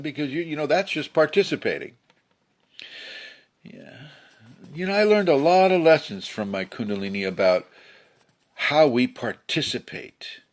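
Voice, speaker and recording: A man giving a casual spiritual talk, slightly hoarse, who acts out angry people with sudden shouts. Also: mid-range voice. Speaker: spiritual teacher. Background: a pet bird fluttering.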